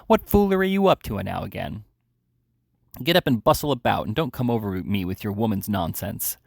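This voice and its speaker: A man's voice: on the low side, fairly quick, creaky, no echo, studio quality. A man reading aloud, voicing a surly, violent sick man who growls and snaps impatiently.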